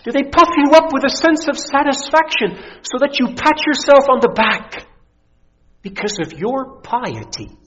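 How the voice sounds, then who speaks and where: A man's voice: very high-pitched, big pitch swings, a little slow, pushed and bright, big-room sound. A middle-aged man, a pastor, preaching a sermon with rising intensity and mocking voices. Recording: dull lo-fi recording.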